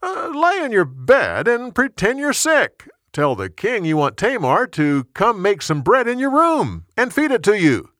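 A sly male cousin coaxes his listener along in a raised, wheedling voice, as a male storyteller puts him on. The pitch sits well above the narrator's own, and the close, dry recording keeps each scheming word up front. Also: wildly swooping pitch, unhurried, few pauses, fairly bright tone, no echo, exaggerated voice. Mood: coaxing.

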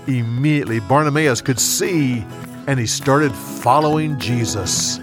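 A man narrating a Bible story in a clear, expressive storytelling manner. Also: mid-range voice, measured pace, dry recording, studio quality, soft background music.

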